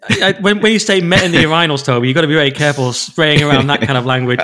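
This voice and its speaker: A man's voice: on the high side, racing, sharp tone. A man co-hosting a podcast in casual chat, joking and bantering wryly. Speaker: podcast co-host.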